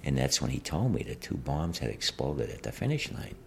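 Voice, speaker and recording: Gravelly, very deep man in his 70s. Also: very animated, a little hiss or hum. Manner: plain, halting, conversational. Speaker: interviewee. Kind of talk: interview recollection.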